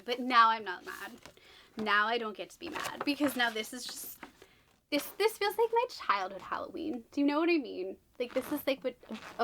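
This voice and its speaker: A woman's voice: on the high side, sharp tone, a little hiss or hum. A woman vlogging a book unboxing in a chatty, gushing way, full of exclamations and asides.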